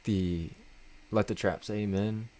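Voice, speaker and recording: A man co-hosting a podcast in casual chat, chatty and quick to laugh, with lots of fillers. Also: fairly low pitch, fairly even intonation, heavy background noise. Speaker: podcast co-host.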